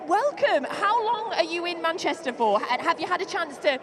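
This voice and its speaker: Woman, high voice, bubbly presenter, outdoors pitchside, loud ambient noise. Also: sing-song, normal speed. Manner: bubbly, upbeat introductions. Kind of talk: live broadcast presenting. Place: outdoors pitchside at a football stadium. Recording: loud stadium crowd noise.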